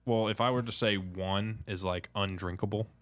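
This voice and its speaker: A man co-hosting a casual podcast chat over beers, jokey and quick to laugh. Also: lowish voice, fairly even intonation, fairly bright tone. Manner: jokey, laughs often, slips into put-on accents. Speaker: podcast co-host.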